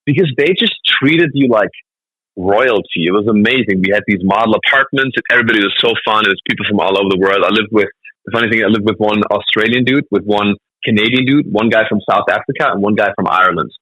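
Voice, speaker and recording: Fast, bright man telling stories. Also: on the low side, breathy edge, dry recording, dull audio. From Germany. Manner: animated storytelling, laughs often. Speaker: comedian guest. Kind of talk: casual interview chat.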